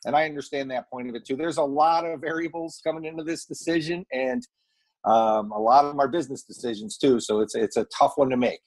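A man's voice: medium pitch, lively intonation, a little fast. A man who is a golf pro, guesting on a sports radio talk show and thinking aloud with frequent restarts as he weighs both sides.

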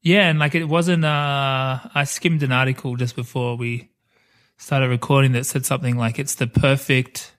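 A man co-hosts a casual podcast. He rambles enthusiastically and breaks into laughter often. His voice sits at an ordinary middle pitch. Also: little pitch movement, moderate pace, a bit bright. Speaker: podcast co-host. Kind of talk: casual chat about a film.

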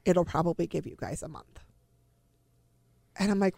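A woman's voice: lowish voice, lively intonation, moderate pace, creaky, darkish tone, slightly rough, dry recording. A middle-aged woman telling her own family story in a personal, emotional way, acting out the dialogue she quotes.

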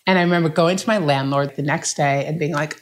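A woman's voice: low-pitched, fast talker. A woman coach, a guest, telling her story in a casual, chatty way, often saying "like" and "right?". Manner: chatty, many fillers like "like" and "right?".

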